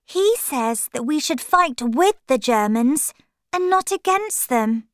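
A woman voicing a polite, shy little English girl in a storybook reading, speaking high and carefully. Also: animated, takes it slowly, no room sound, studio quality. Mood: curious.

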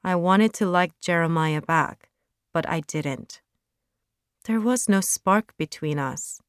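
A woman narrating a story aloud in a slow, careful reading. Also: lowish voice, clear, resonant tone, dry recording, clean studio sound.

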